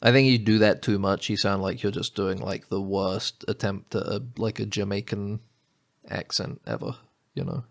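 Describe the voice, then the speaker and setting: A man's voice: lowish voice, expressive, normal speed, gravelly. A man co-hosting a podcast in casual chat, dry and joking, thinking aloud with restarts. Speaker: podcast co-host.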